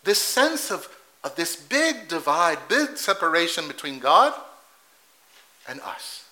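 A male preacher giving a sermon in church, animated, asking rhetorical questions and acting out quotes. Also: fairly high pitch, slow pace, rough recording.

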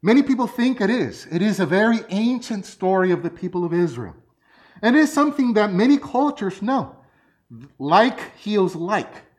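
A man's voice: sits high, moderate pace. A man preaching a sermon, telling personal stories. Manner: lively storytelling, personal anecdotes.

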